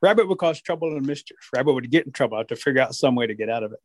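A man who is a storyteller, telling folk tales in an animated way during an interview. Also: medium pitch, rapid-fire, no room sound.

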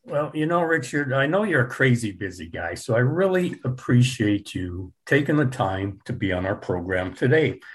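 A man's voice: medium pitch, sing-song, normal speed, few pauses. A man hosting an interview program, casual and friendly. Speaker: radio host. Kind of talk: interview chat.

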